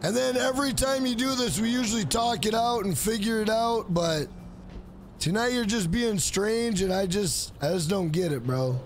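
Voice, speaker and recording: A man's voice: high-pitched, moderate pace, slight background noise. A man live-streaming a video game, chatting casually with his viewers, thanking them by name and calling them "bro" again and again. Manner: talks straight to chat, repeats "bro" often.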